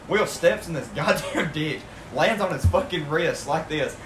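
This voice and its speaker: A man's voice: fairly high pitch, a little slow, a crowd in the background. Cackling, cursing Southern man. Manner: loud, laughing, heavy cursing. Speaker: podcast co-host. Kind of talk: casual storytelling. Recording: echoey room with audible hiss.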